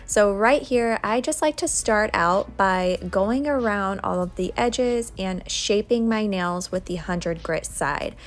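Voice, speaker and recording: A woman's voice: mid-range voice, takes it slowly, hardly any pauses. Young adult woman, chatty DIY nail vlogger, easygoing tutorial voice-over. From United States. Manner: chatty, laughs while telling stories.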